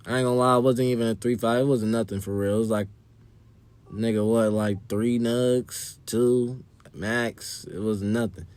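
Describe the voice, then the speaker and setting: A man's voice: mid-range voice, steady tone, moderate pace, darkish tone, clear, resonant tone. A young man telling a wild party story in a casual, slangy and profane way. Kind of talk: storytime vlog.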